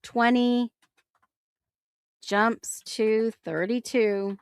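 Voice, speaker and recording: A woman's voice: a little high, steady tone, extremely slow, clean tone, no echo. A woman hosting a talk show, thinking aloud in casual commentary and reacting with incredulous exclamations. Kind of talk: casual commentary on case documents.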